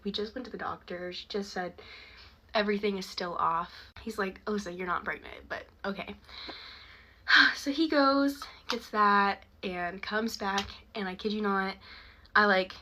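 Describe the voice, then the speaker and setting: Young woman, casual storytime, bright chatty tone, laughs between lines. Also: medium pitch. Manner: chatty, laughing often, many likes.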